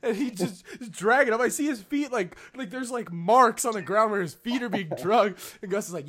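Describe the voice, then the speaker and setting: A man's voice: high-pitched, lively intonation, brisk, fairly bright tone. A young man telling a funny story to friends in casual chat, acting out the quotes in raised voices and laughing as he goes.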